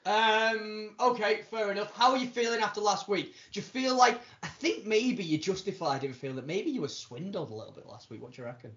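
A man's voice: high voice, lively intonation, fairly quick, few pauses, a bit bright. A man hosting a comedy podcast with a teasing, showy announcer delivery. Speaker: podcast host. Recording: dull lo-fi sound.

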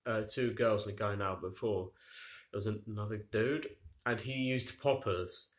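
A man's voice: on the low side, fairly even intonation, normal speed, heavy background noise. Rambling guy in an echoey room. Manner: rambling storyteller, laughs at his own tangents. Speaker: podcast co-host. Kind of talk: casual chat. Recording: roomy echo.

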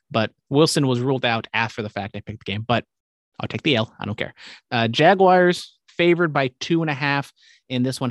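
A man's voice: mid-range voice, no room sound. A young man hosting a casual sports podcast, rambling and swearing freely as he goes through picks. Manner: rambling, profane, quick asides. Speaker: podcast host.

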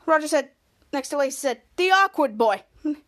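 Animated and speaking a little fast, a young woman casually recaps a TV episode as a podcast host. Her renditions of the characters' lines come in sudden bursts, loud and shrill.

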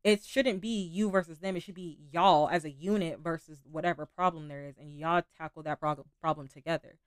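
A woman's voice: low-pitched, steady tone, fairly quick, smooth, no echo, clean studio sound. A young woman hosting a podcast, talking candidly and casually about relationships, with some swearing. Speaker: podcast host.

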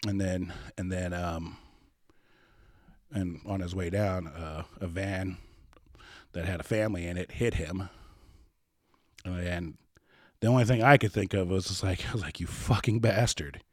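A man's voice: sits low, fairly even intonation, a little slow, long pauses, no room sound, studio quality. A man telling a personal story as a podcast guest, rambling, repeating words and acting out old conversations.

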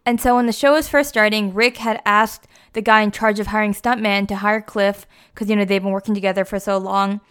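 Young woman, casual retelling, chatty, filler-heavy, smooth clear voice. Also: mid-range voice, steady tone, fairly quick, hardly any pauses, fairly bright tone. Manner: chatty, lots of "like" and "you know".

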